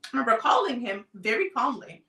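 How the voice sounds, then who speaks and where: Calm woman host telling a story. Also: fairly high pitch. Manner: calm, deliberate personal storytelling. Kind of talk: live talk show monologue. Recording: roomy sound, off-mic distance.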